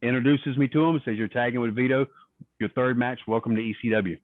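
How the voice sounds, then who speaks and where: A man's voice: medium pitch, fairly even intonation, quick pace, no room sound. A man, a guest on a podcast, telling long stories in a casual interview and acting out the voices of the people he quotes. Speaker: guest, retired wrestler. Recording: tinny phone-like line, dry.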